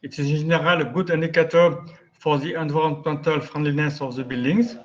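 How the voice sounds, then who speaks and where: A man's voice: a little high, fairly even intonation, brisk, muffled recording. A man from France with a French accent, giving a webinar lecture, explaining step by step and often correcting himself. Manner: explanatory, with frequent restarts and self-corrections. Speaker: guest speaker, architect.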